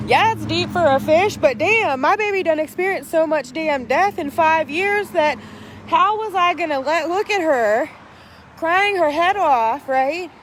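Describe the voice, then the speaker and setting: A woman's voice: sits high, slight background noise. A woman vlogging in a casual, preachy style, talking bluntly with lots of swearing and emphatic repetition. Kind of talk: casual spiritual vlog talk.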